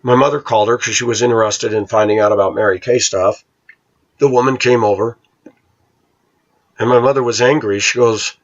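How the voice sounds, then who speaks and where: A man's voice: mid-range voice, fairly even intonation, brisk, long pauses, dull audio. A middle-aged man with a blunt, ranting manner, talking casually to viewers in a vlog. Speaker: vlogger.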